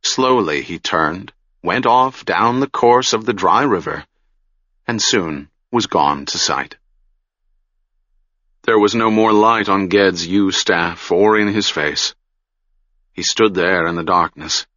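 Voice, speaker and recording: A man reading a fantasy novel aloud in a measured, solemn manner, recorded close on a dry mic with a dull lo-fi sound. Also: low-pitched, bright, forceful tone, no room sound. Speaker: audiobook narrator. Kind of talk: scripted fantasy narration.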